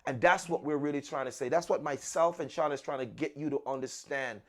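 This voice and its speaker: A man's voice: fairly high pitch, a little fast. A man hosting a podcast, telling a personal story in an earnest, conversational way and often repeating words as he restarts. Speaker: podcast host.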